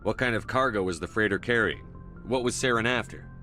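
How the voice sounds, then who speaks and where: Shepard, a calm starship commander. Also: male voice, on the low side, faint music behind. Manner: calm, measured questioning. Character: human male starship commander, steady. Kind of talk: video game dialogue.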